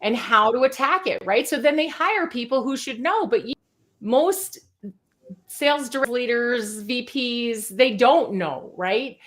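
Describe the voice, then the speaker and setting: A middle-aged woman speaking as a podcast guest. Her voice sits a little high, and she talks with quick energy, punching her points and checking in with the listener as she goes. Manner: energetic, talks fast, peppers with "right?". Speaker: sales consultant guest. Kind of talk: podcast interview.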